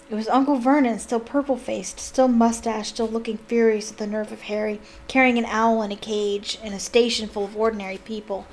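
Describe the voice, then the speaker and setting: A woman's voice: fairly high pitch, steady tone, a little fast, few pauses, slight background noise. A young woman reading a novel aloud as a fan, breaking off with gushing, exclamatory asides. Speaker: book reader and fan. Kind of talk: casual reading aloud with commentary.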